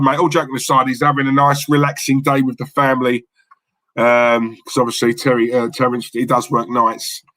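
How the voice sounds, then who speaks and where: Casual male livestream host, cheeky banter, mid pitch, dry close mic. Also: fairly bright tone, no room sound, rough recording. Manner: chatty and cheeky, many fillers and repeated words. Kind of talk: casual chat reading live comments.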